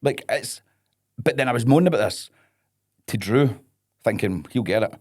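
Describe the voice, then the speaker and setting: A man's voice: medium pitch, animated, normal speed, slightly rough. A Scottish man holding forth on a chat podcast in an ordinary mid-range voice. He rants with comic exasperation and swears freely, keeping it loose and conversational. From Scotland. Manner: ranting, profane, comic exasperation. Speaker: podcast guest, wrestler. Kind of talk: casual chat.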